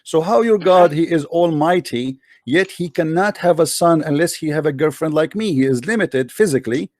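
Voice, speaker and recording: An argumentative host with a voice on the high side and a darkish tone debates callers on a live call-in stream. He speaks at a moderate pace, mocking and challenging, with a dry, close sound and no echo.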